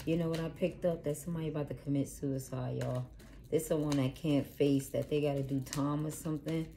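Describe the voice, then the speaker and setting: A woman doing a casual tarot reading to camera, cursing freely and swinging from low murmurs to loud ranting. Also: slight background noise. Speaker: tarot reader.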